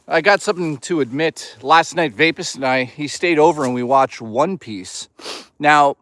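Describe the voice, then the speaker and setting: Out in the woods, a streamer chats casually with his live chat, joking around loosely and teasing viewers. His voice sits on the high side and is a bit bright, captured in a dry recording.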